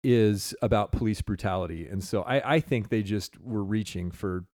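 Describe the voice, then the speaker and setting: A man's voice: on the low side, normal speed, a little mellow, no room sound, clean studio sound. A man co-hosting a podcast in casual chat, rambling and reading listener comments aloud. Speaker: podcast co-host.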